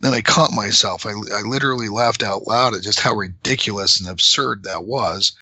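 Bright-voiced man explaining scripture. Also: on the low side, moderate pace, slightly rough, dry recording, rough recording. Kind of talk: conversational explanation.

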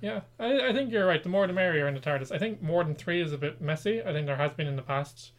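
Man, slightly high voice, podcast co-host; relaxed chat, reads news then teases his partner. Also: quick pace, highs cut off. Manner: reads news items, then chats with wry asides. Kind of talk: casual pop-culture chat.

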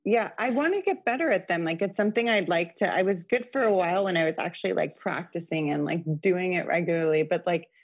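Chatty woman with a lowish voice. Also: fast, hardly any pauses. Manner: chatty, lots of "like" fillers. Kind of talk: casual chat.

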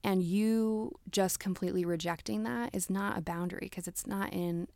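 A young woman hosts casual relationship advice talk in a mid-range, slightly mellow voice with vocal fry, steady tone, and moderate pace. She's chatty, full of fillers like "like" and "you know," and acts out example conversations, with no echo.

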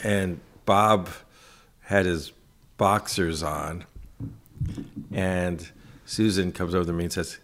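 A man's voice: deep voice, slow pace, long pauses. A man, a photographer guest, telling anecdotes in a casual podcast interview, quoting people and laughing along. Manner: animated anecdotes with quoted asides and laughs.

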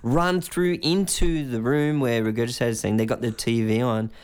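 A man's voice: medium pitch, fairly even intonation, moderate pace, darkish tone, clear, resonant tone. An Australian man in his forties, a musician, telling a loose, rambling story with plenty of swearing and acted-out voices. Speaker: musician guest. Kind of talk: casual storytelling in conversation.

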